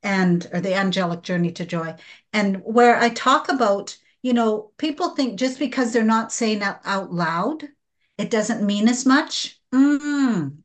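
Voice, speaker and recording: A woman guest speaking slowly and earnestly about angelic healing, at times emotional. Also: medium pitch, lively intonation. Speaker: guest practitioner. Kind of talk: spiritual podcast conversation.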